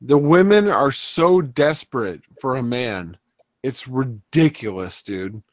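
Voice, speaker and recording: A man's voice: mid-range voice, lively intonation, takes it slowly, no echo, clean studio sound. A man in casual live chat, complaining and sometimes mocking others in imitations.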